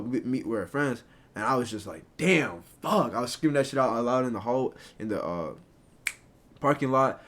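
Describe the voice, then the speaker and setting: A young man casually telling a personal story to a live chat, rambling and filling with "right?" and "like". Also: mid-range voice. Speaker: storyteller streamer.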